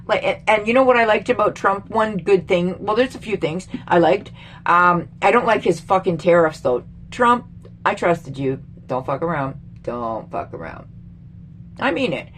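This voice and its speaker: A woman's voice: medium pitch, animated, moderate pace, a bit bright, slight background noise. A middle-aged woman from Canada, a vlogger, ranting angrily about politics to camera with lots of swearing and exasperation. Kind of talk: angry political rant to camera.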